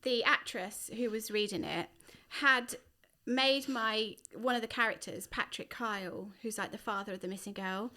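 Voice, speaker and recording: A middle-aged woman, a guest writer, talking in a casual podcast chat, animated and chatty, with quick bursts and laughs. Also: medium pitch.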